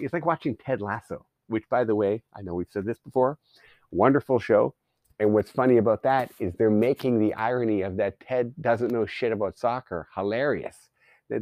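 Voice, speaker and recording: A man's voice: on the low side, a little mellow, no echo. A man from Canada rants through a podcast monologue, swearing freely and dripping sarcasm. He rambles from gripe to gripe. The recording is dry and close. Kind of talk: profane ranting monologue.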